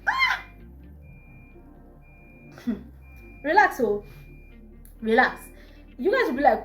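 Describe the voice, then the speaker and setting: Animated Nigerian woman telling a story. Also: fairly high pitch, moderate pace, long pauses. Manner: animated, exasperated, exclamatory. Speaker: vlogger. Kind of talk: storytime vlog. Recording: echoey room, faint music.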